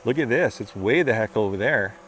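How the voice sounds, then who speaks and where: A man doing excitable, casual commentary outdoors while flying and chasing a drone, out of breath at times. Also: fairly low pitch, fairly quick, slight background noise. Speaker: drone reviewer. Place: outdoors among trees.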